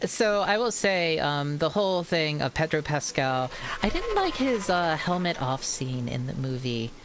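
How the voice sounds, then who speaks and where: A woman streamer with a Maryland accent talks casually over a game, rambling from one tangent to the next. A clear, steady hiss of background noise sits under her voice the whole time. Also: deep voice, a little slow. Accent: Maryland American. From Maryland, USA. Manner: rambling, chatty, drifts into tangents. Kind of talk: casual gaming stream chat.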